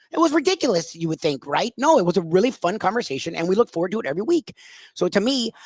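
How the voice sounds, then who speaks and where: A male radio co-host with a fairly high voice who argues his point in an animated, casual way. The sound is close and dry, as in a studio. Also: no room sound. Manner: animated, opinionated.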